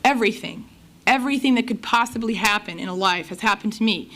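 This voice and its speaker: A woman's voice: medium pitch, fast. Middle-aged woman telling her recovery story. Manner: lively storytelling, acts out conversations. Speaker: recovery meeting speaker. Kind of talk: personal testimony talk. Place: recovery meeting room.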